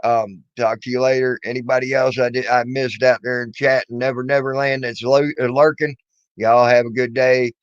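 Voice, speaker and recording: A man's voice: mid-range voice, level tone, moderate pace, dry recording. A middle-aged man hosting a livestream, chatting casually, swearing freely and often stammering over his words. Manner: laid-back, swears freely, stammers and repeats. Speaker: livestream host. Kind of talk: casual profane chat. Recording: dull, dry lo-fi audio.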